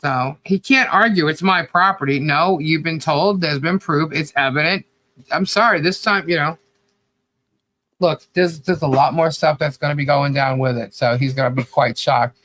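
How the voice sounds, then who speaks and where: A man's voice: fairly high pitch, normal speed, sharp tone. A man co-hosting a podcast, delivering critical commentary in a rambling, blunt rant full of "you know" and casual swearing. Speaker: podcast co-host.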